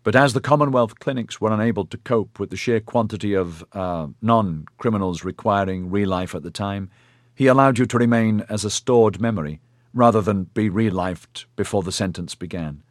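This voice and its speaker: A man voicing a patient, formal male clinic official who explains things in a measured, polite way with hesitant fillers. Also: lowish voice, dry recording, clean studio sound, natural voice. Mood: explaining.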